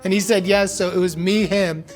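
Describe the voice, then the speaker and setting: A man's voice: high-pitched, fairly even intonation, normal speed. Chill guy in his 40s rambling thru a funny story, laughing a lot, faint music behind. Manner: laid-back storyteller, laughs often. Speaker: celebrity guest. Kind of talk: casual chat. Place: studio kitchen.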